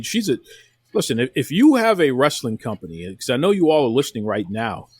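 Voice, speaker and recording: Excitable man hosting a wrestling podcast. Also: medium pitch, no echo. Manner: enthusiastic, repeats phrases. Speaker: podcast host. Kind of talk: casual wrestling chat.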